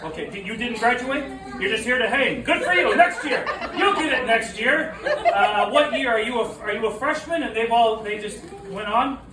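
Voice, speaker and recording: A stand-up comedian from New Mexico, joking and teasing the crowd at a party. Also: male voice, extremely high pitch, lively intonation, moderate pace. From New Mexico, USA. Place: party room with audience. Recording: echoey room from far off, crowd noise.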